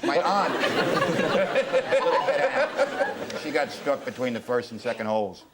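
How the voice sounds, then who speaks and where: A man's voice: mid-range voice, huge pitch swings, unhurried, over a noisy crowd, heavy background noise. A man on a comedy quiz panel, making dry puns. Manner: dry, punning. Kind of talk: comic banter. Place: TV studio with audience. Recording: loud studio audience laughter.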